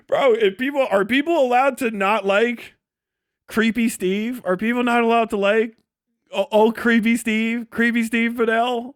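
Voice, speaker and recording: A man's voice: high-pitched, moderate pace, a bit bright, dry recording, studio quality. A young man hosting a livestream, ranting mockingly with frequent laughter and swearing, then reading out donations. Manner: mocking, laughing often, profane. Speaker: livestream host. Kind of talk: casual livestream rant.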